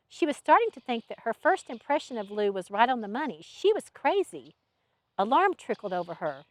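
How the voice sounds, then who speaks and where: Woman author, novel reading, expressive narration, lively pitch, dry close sound. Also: fairly quick, dry recording. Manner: expressive storytelling. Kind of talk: audiobook narration.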